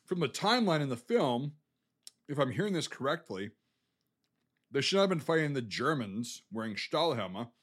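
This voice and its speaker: American man, podcast co-host, blunt, swears a lot, rambles, mid pitch. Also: big pitch swings, moderate pace, a bit bright, slightly rough. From United States. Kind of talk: casual chat, film critique.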